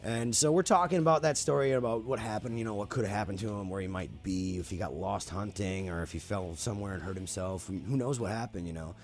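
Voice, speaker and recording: A man's voice: fairly low pitch, fast talker, few pauses, soft background music. A man casually telling a spooky story on a podcast, swearing freely and talking animatedly.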